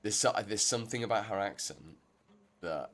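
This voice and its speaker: A man's voice: lowish voice, expressive, moderate pace, fairly bright tone, faint music behind. A man giving rambling, chatty commentary while streaming a game. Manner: rambling, self-interrupting, chatty. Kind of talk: casual gameplay commentary.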